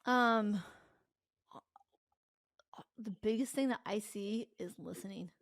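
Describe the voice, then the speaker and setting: A woman's voice: medium pitch, slow pace, no room sound. A woman guest on a podcast interview, talking candidly and animatedly and laughing often. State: tearful. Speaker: podcast guest, company founder. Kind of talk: casual conversational interview.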